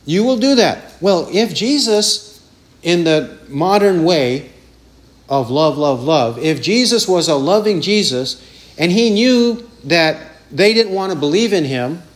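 Man, preacher, sermon, high voice, slow delivery, emphatic repetition. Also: lively intonation. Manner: emphatic, repeats phrases, mimics taunting voices.

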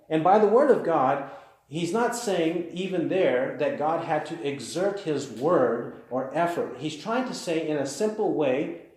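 Male preacher, emphatic and repetitive, warm timbre, heavily reverberant church hall. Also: fairly high pitch. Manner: emphatic, repeats key phrases. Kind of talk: sermon. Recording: very echoey hall.

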